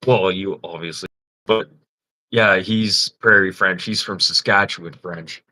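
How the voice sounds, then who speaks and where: A man spins crude, lively anecdotes on his livestream, often cracking himself up. His voice has a sharp, bright edge that cuts through his casual chatter. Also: deep voice, unhurried. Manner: crude, animated storytelling, laughing often. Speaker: livestream host.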